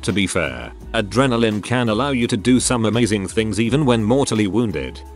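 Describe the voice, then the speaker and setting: Lively low-voiced man narrating online posts. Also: brisk, faint music behind. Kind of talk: scripted narration.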